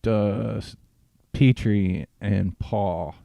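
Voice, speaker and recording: A man's voice: fairly low pitch, very slow, creaky, no room sound, lo-fi sound. Man rambling on a dry podcast. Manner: rambling, laughs often, many fillers and restarts. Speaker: podcast co-host. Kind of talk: casual comedy podcast chat. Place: home recording with a video stream and live chat.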